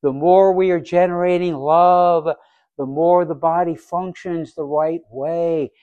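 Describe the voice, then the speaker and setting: A man preaching a sermon as pastor, asking rhetorical questions and acting out little scenes, swinging between quiet and loud. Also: on the high side, fairly even intonation, measured pace, smooth, no room sound, narrow, tinny audio. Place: church sanctuary.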